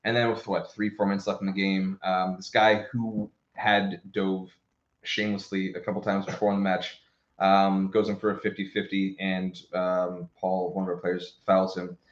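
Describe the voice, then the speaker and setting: A man co-hosting a football podcast, telling a match story in animated casual chat with restarts and swearing. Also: low voice, moderate pace. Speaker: podcast co-host. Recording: roomy, dull lo-fi sound.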